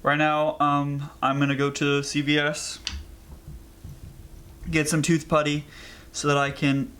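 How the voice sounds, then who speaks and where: A man's voice: on the high side, completely flat delivery, measured pace, fairly bright tone, a little hiss or hum. A young man vlogging casually in a rambling, anxious way, with lots of fillers. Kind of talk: casual vlog.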